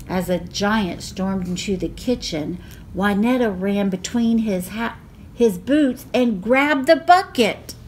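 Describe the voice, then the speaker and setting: Slow expressive storytelling woman. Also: medium pitch, slight background noise. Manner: slow, expressive read-aloud. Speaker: library storyteller. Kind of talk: reading a picture book aloud.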